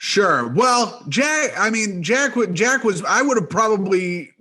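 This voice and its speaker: A laid-back man co-hosting a casual comedy talk show, joking and laughing easily with his guest. His voice sits a little higher than most men's. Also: expressive, a little slow, sharp tone. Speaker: show co-host.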